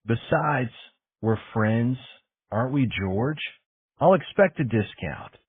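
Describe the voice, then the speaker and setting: Man doing a bossy elderly aristocrat lady, brisk, commanding, lively pitch, tinny phone-like sound. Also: husky. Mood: breezy. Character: imperious elderly aristocratic woman birdwatcher.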